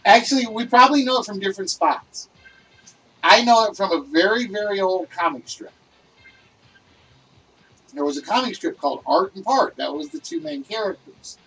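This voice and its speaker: A man hosting a livestreamed list game show, talking loudly and excitably and chatting with his viewers. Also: sits high, moderate pace, pauses often, slightly rough, distant mic, rough recording.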